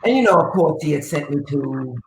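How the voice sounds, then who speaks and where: A woman guest telling stories in a casual interview, in a brassy, profane, animated way that slips into sung phrases. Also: low-pitched, brisk, a little hiss or hum. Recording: roomy echo with faint piano.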